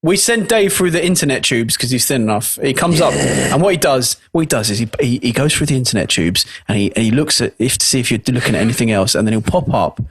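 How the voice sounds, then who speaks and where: A man's voice: mid-range voice, expressive, fast, few pauses, breathy edge. A man co-hosting a podcast, joking around in casual banter. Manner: playful, joking, riffing on nonsense. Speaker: podcast co-host.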